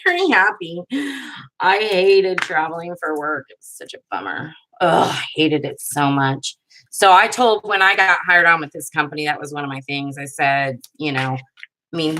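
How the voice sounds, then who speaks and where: A woman's voice: fairly low pitch, sharp tone, slight background noise, poor audio. A woman in her thirties hosting a live paper craft video, chatting and telling rambling stories while she works and laughing often. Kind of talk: casual chat during a live crafting stream.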